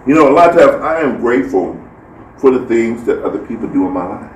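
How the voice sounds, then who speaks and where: A man's voice: medium pitch, fast. A man giving a casual faith talk, telling a story and acting out the people in it. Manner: animated storytelling, acts out quoted voices. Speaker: speaker sharing a devotional story. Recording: roomy, distant mic with faint background noise.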